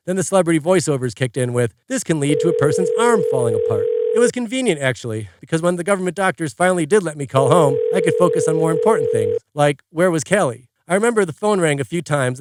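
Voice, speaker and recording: Male audiobook reader, first person, wry dry telling, close dry mic, bit high voice. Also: no room sound. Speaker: narrator.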